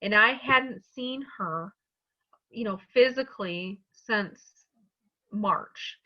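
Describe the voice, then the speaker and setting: A woman's voice: medium pitch, slow, muffled recording. A woman on the staff of a community college, speaking earnestly and from the heart in a webinar panel discussion over a video call.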